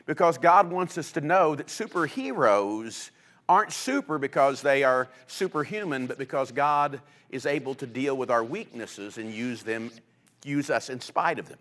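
A man preaching a sermon, telling stories with lively energy and acting out the people he quotes. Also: a little high, moderate pace. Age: adult with children. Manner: animated storytelling, acting out quoted voices. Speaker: pastor.

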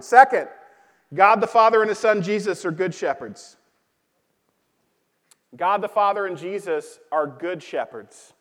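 A man's voice: sits high, fairly bright tone. A man preaching a sermon as pastor, speaking in a loose conversational way with many fillers and repeated key lines. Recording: long hall reverb.

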